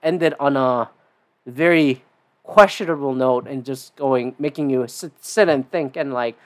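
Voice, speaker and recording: A man talks alone on his podcast in a loose, rambling way, swearing often and leaning on fillers. His voice jumps high and drops low as he goes. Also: unhurried. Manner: rambling and profane, with many fillers. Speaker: podcast host. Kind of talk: casual solo podcast monologue.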